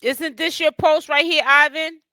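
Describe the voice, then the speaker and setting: A man's voice: very high voice, flat delivery, unhurried, pushed and bright, no echo. A man from Boston hosting a casual livestream, chatting directly with viewers and guests. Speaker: livestream host.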